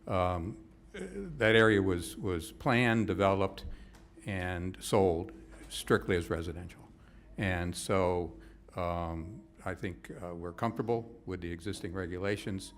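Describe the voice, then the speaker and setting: Deep-voiced man giving public comment. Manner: halting, with many uh fillers. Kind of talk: public comment at a county zoning hearing.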